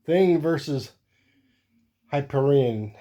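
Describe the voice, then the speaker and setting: In dull-sounding audio, a relaxed man with a warm, mellow mid-range voice hosts his own channel, working through a pile of comics unhurriedly. He drifts easily between asides, rambling and thinking aloud as he flips through each one in a casual show-and-tell.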